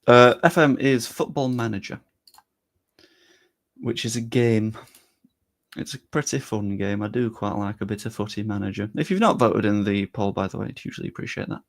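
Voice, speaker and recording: A man's voice: on the low side, normal speed, creaky. A young man chatting casually and loosely on a live stream, talking straight to his chat with the odd swear.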